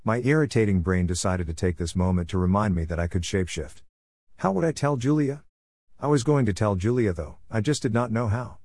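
A man reads a first-person adventure story aloud with a plain, steady delivery. His voice sits on the low side. The recording is dry and close, with no room echo. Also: fairly quick.

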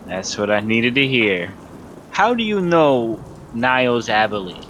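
Man, tabletop player, casual, improvising, mid-pitched voice. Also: very animated, a little slow, a bit bright, slight background noise. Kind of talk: casual tabletop game chat.

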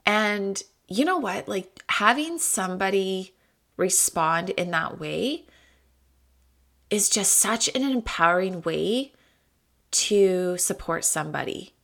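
A woman's voice: mid-range voice, animated, takes it slowly, creaky, fairly bright tone. A woman hosting her own podcast in a casual, candid and chatty way, swearing freely and laughing often. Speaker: podcast host. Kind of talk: casual solo podcast talk.

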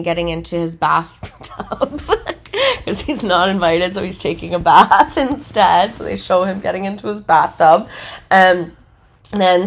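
Young woman, podcast host, casual TV recap, filler-heavy chatter, slightly low voice. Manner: chatty, full of "like" fillers, laughs while telling.

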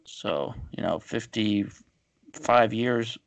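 A man's voice: lowish voice, extremely slow, vocal fry, no echo, poor audio. A man co-hosting a podcast, casually sharing baseball trivia with lots of fillers and an easygoing manner. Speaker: podcast co-host. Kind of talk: casual chat.

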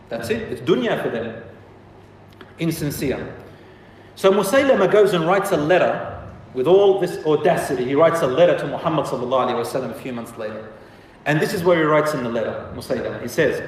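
A man tells a religious history story to an audience, voicing each side of the exchanges as he goes. His voice sits a little higher than most men's and carries a long, ringing echo. He is heard from far off the mic across a big hall. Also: brisk, slight background noise. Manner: animated, acts out quoted exchanges. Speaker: lecturer.

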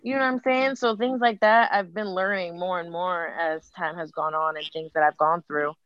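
A woman in her late twenties with a slightly low voice talks candidly in a group conversation. She tells personal stories with animated, acted-out quotes. The sound is dry and a little muffled. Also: normal speed, clean tone, dry recording. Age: late 20s.

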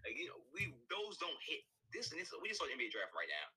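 A man in casual sports chat, talking quickly and animatedly with loud bursts. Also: on the high side, wildly swooping pitch, slightly rough, low-quality recording.

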